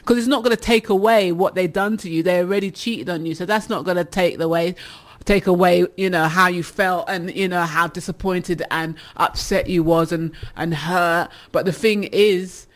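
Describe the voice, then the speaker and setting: A woman's voice: lowish voice, fairly even intonation, normal speed. A woman hosting a casual advice show, reading listener messages and teasing them with laughter. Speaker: radio advice show host.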